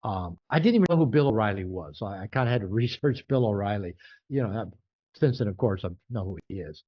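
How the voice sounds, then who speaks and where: An older man, an author being interviewed, talking casually and animatedly, often jumping higher to act out quoted voices. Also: animated, quick pace, highs cut off. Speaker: author and guest.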